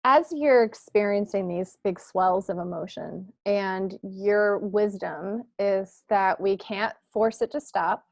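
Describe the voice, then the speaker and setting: A woman hosting an interview, asking thoughtful, measured questions over a video call. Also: mid-range voice, vocal fry, dry recording. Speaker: host.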